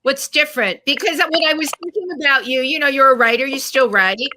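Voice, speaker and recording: Woman host, high and bright voice, friendly questions, faint background noise. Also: quick pace. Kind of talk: casual interview chat.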